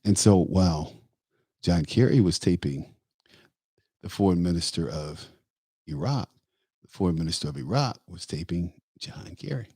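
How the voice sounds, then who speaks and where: A man's voice: deep voice, expressive, moderate pace, pauses often, dark tone, breathy edge, dry recording, studio quality. A man hosting a talk show, delivering an emphatic, opinionated political monologue that rambles with fillers. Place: Tampa area.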